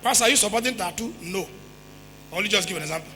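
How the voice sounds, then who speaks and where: A Nigerian-accented man preaches a sermon in a very high, sharply bright voice, hammering points home by repeating phrases and firing rhetorical questions, now and then rising to a shout. His voice rings out with a long reverb tail in a church hall, with soft music faintly underneath. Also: fast talker. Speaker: pastor.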